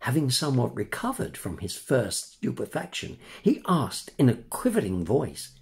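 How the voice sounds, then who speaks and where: An older man from England, narrating a children's story in a measured, expressive way. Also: mid-range voice, vocal fry. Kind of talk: storybook reading.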